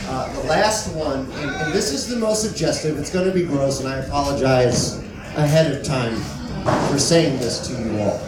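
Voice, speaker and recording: Rambling man doing stand-up in a club. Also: on the high side. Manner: rambling, self-deprecating, halting restarts. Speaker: stand-up comedian and show host. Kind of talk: stand-up comedy set. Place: comedy club stage. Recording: echoey room, mic at a distance, loud noise. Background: audience laughter.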